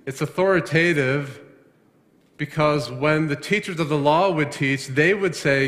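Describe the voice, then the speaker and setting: A man's voice: a little high, unhurried, fairly bright tone, big-room sound. A man preaching a sermon as a pastor, emphatic and full of rhetorical questions, often restarting his phrases.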